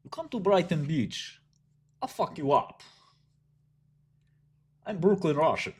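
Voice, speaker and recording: A man voicing a tough, threatening male Russian gangster from Brooklyn who swears and makes gruff threats. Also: on the high side, big pitch swings, brisk, voice pushed up, exaggerated voice.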